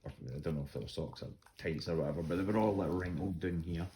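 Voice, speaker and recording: Low, dark and fast, the voice belongs to a Scottish man sharing funny stories about his dog, with a little hiss or hum audible. It's casual storytelling where he laughs a lot and acts out voices.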